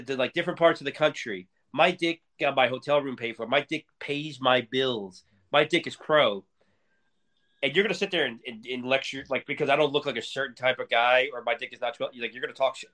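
A man's voice: mid-range voice, fairly bright tone. A man co-hosting a podcast, ranting angrily in casual, profanity-heavy talk. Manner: angry, heated, profanity-laced ranting. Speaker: podcast co-host.

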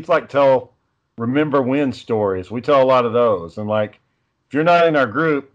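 A man's voice: medium pitch, highs cut off. A man telling rambling, profane stories in casual chat with friends.

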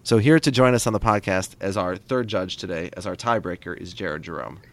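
A man hosting a casual podcast, joking and going off on tangents. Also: low voice. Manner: quick, joking, digressive. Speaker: podcast host.

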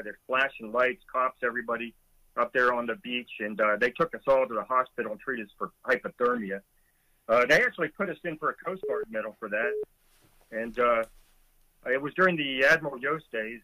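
A man's voice: mid-range voice, pushed and bright, no room sound, muffled recording. A middle-aged man, a former Coast Guard boatswain's mate, vividly retelling a rescue with chuckles as a guest in a conversation. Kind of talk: storytelling in a conversation.

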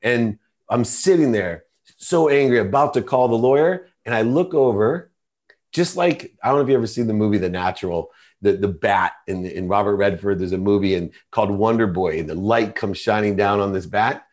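Middle-aged male podcast guest with a lowish voice, earnest and confessional storyteller. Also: normal speed, darkish tone. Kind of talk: personal storytelling in conversation.

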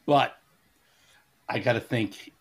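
A man's voice: medium pitch, takes it slowly. A man co-hosting a casual podcast, chatty and earnest, laughing easily. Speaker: podcast co-host.

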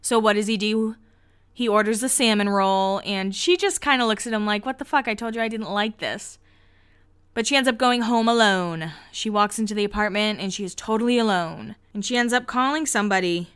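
Host, female, mid pitch, smooth and clear, chatty recap full of 'like'. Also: fairly quick, fairly bright tone. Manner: chatty, heavy use of 'like', laughs often. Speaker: podcast host. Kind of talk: casual episode recap.

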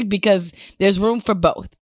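A woman in her forties hosting a casual interview, expressive and blunt, laughing often. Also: mid-range voice, takes it slowly, no echo, studio quality. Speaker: podcast host.

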